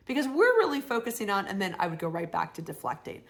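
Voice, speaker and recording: A woman's voice: fairly high pitch, expressive, quick pace, vocal fry, hardly any pauses. A woman life coach hosting her show, giving advice to viewers and acting out phrases they could say. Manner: warm coaching tone, acts out sample phrases.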